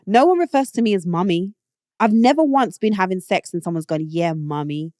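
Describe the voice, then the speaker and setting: A woman's voice: mid-range voice, very animated, brisk, dark tone, no echo, clean studio sound. A British woman hosting her own show, giving blunt, opinionated takes in a casual monologue that rises to indignant outbursts. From Britain. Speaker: show host.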